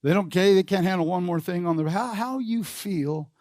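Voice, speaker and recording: A male pastor with a fairly high, darkish voice preaches a sermon at normal speed in a church sanctuary. He repeats key phrases and calls on the congregation to answer back, growing more forceful as he goes. The recording is close and dry, with no room sound.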